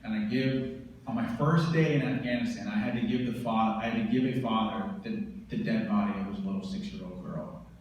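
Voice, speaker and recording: A man's voice: on the low side, fairly quick, recorded from a distance, slight background noise. A man from the United States, a veteran speaker, intensely and vividly retelling a personal story. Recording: roomy hall from afar.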